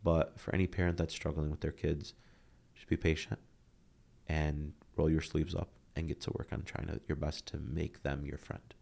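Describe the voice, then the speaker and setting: A podcast guest in his thirties, who works as a motivational speaker, speaks at normal speed in a rumbling, gravelly low voice. He tells earnest stories with animation during the candid chat, acting out quotes.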